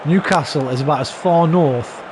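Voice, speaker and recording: A man from Britain in his thirties chats at a moderate pace in a slightly high voice, streaming a football game and berating his team with plenty of swearing. It's casual gaming talk recorded with background noise.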